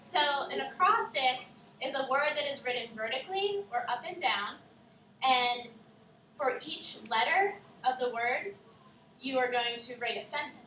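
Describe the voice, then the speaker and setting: A woman co-teaching a class, explaining clearly step by step and asking the children questions. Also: sits high, animated, measured pace, pushed and bright, a little hiss or hum. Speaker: student teacher. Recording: echoey classroom from far off.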